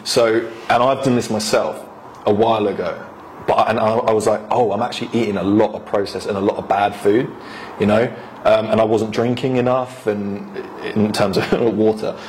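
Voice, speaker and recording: A man co-hosting a casual podcast, giving relaxed health advice and laughing often. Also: on the low side, moderate pace, slight background noise. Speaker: podcast co-host, health coach.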